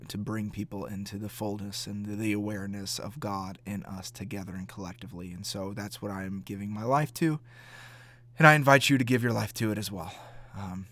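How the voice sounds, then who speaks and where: A man speaks in a low, fairly flat voice as he hosts his own faith podcast. He talks earnestly and haltingly, circling back and repeating words as he searches for them, in the unhurried way of a pastor thinking aloud. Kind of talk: reflective podcast monologue.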